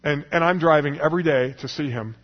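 Male preacher, fairly high and husky, telling a self-mocking story with chuckles; recorded dull in a reverberant church hall. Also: fast talker. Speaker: preacher giving a testimony. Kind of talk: humorous personal testimony to a congregation. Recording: echoey hall, dull lo-fi sound.

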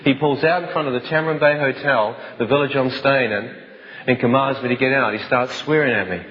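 A man's voice: medium pitch, fairly even intonation, brisk. Man telling a dramatic personal story. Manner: intense, vivid, with some restarts. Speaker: speaker giving a personal testimony. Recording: dull sound, long hall reverb.

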